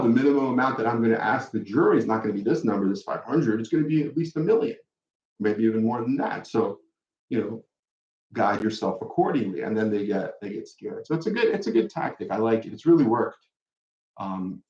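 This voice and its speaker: A man, a personal injury lawyer, answering viewer questions in a casual live Q&A, animated and acting out the other side in quick quoted asides. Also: fairly low pitch. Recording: dull, roomy sound.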